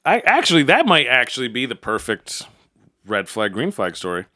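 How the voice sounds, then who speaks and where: A man's voice: medium pitch, huge pitch swings, moderate pace, sharp tone. A man co-hosting a podcast in casual chat, who often restarts his sentences and swears now and then. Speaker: podcast co-host.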